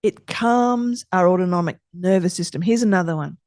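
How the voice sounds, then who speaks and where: A middle-aged woman hosting a podcast, calmly leading listeners through slow breathing exercises with gentle, soothing instructions. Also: lowish voice, no room sound, studio quality. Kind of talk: calm guided breathing exercise.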